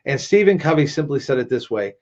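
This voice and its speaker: A man leads a workplace training webinar in a loose, conversational manner, tossing in sarcastic asides and tag questions. His voice sits at an ordinary middle pitch. The audio is somewhat dull and lo-fi, as on a typical web call. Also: big pitch swings, a little fast, darkish tone. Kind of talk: webinar presentation.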